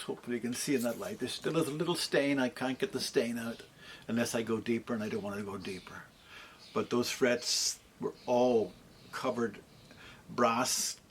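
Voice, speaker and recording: A man working as a luthier, casually walking through a guitar repair in an easygoing, rambling way with frequent pauses. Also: mid-range voice, a little hiss or hum. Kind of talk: casual workshop walkthrough. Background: electric guitar playing.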